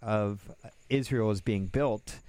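A man's voice: on the low side, slow pace, a little mellow, dry recording. A man co-hosting a casual chat, direct and fond of trivia.

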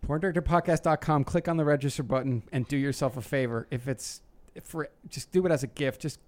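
A man's voice: fairly high pitch, fast. A man co-hosting a podcast in a studio, swearing and exclaiming in crude banter. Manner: profane, exclamatory. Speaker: podcast co-host.

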